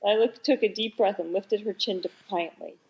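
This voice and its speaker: A woman co-hosting a comedy podcast, reading a teen novel aloud in a steady, wry tone. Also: medium pitch, normal speed, lo-fi sound. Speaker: podcast co-host. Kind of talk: comic book-reading podcast.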